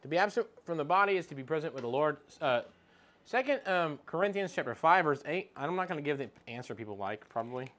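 A man's voice: fairly high pitch, lively intonation, fast talker, fairly bright tone. A man giving an informal Bible teaching, reading scripture aloud and searching for verses as he talks. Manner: conversational, reads scripture aloud and looks up verses mid-talk.

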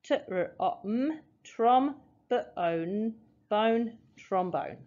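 A woman's voice: medium pitch, expressive, slow, a little mellow, lo-fi sound. A woman teaching a phonics lesson, patiently sounding out letters and syllables step by step. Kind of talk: phonics lesson, explaining at a board.

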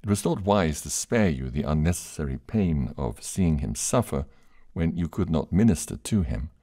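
A man reading a gentle, grave older brother. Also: extremely low pitch, lively intonation, normal speed, no room sound, clean studio sound, exaggerated voice. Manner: gentle and sad.

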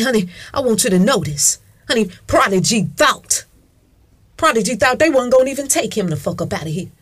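Husky, emphatic woman ranting. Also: fairly high pitch. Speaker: video commentator. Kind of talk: casual ranting monologue.

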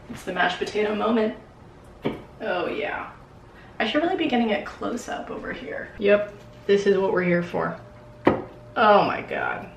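A young woman casually chatting as she cooks and eats at home, bubbly and swearing now and then. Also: mid-range voice. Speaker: cooking vlogger. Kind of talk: casual cooking vlog. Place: home kitchen. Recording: echoey kitchen, clear background noise.

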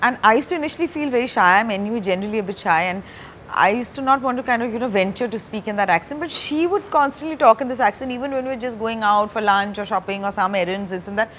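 A woman, talking as a guest in a candid stage interview, soft-spoken and hesitant with many fillers. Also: a little high, quick pace, slight background noise. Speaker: actor and director, interview guest. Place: stage before a live audience.

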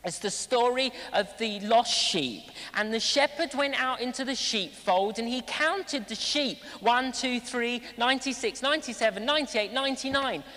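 A man voicing a gentle woman Sunday school teacher, telling a story softly to children, heard in a big reverberant hall. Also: very high-pitched, normal speed, few pauses. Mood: sweetly sad.

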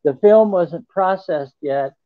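A man with a high voice recounts a personal story in an earnest, halting way, pausing to restart his sentences. He is heard over a tinny, dry phone line. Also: no room sound. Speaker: interview guest. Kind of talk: first-person account in a radio interview.

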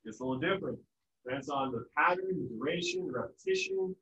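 A man's voice: on the high side, wildly swooping pitch, quick pace, a bit bright. A man teaching a biology class in a casual, joking lecture manner. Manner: casual, joking, acts out family voices. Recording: echoey, distant, dull room sound.

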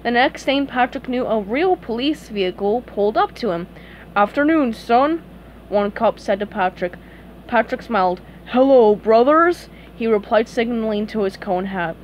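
A woman with a fairly high voice reads a children's story aloud in a calm, steady, unhurried way. Faint background noise hums beneath her. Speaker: storybook reader. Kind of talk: reading a children's book aloud.

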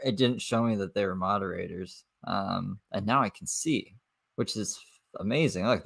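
A man's voice: medium pitch, fairly bright tone. A man hosting a livestream, reacting to clips with sarcastic, profane, mocking commentary. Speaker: commentary streamer.

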